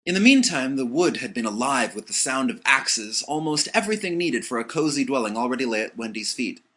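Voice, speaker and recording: A man narrating an audiobook with expressive storytelling. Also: medium pitch, brisk.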